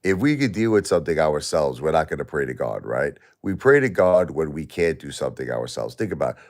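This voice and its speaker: A middle-aged man live-streaming while grieving, talking to his chat in halting, repetitive, emotional bursts. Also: rumbling low, sing-song.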